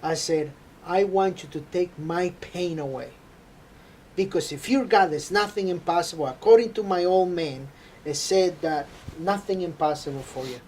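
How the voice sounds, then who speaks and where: A man telling an earnest, halting faith testimony. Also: high voice, darkish tone, slight background noise. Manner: halting, earnest storytelling with frequent hesitations. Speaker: interview guest.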